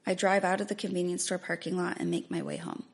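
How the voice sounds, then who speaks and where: A woman reading her first-person memoir aloud in an earnest, measured, introspective way. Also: on the low side, flat delivery, husky. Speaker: memoir narrator.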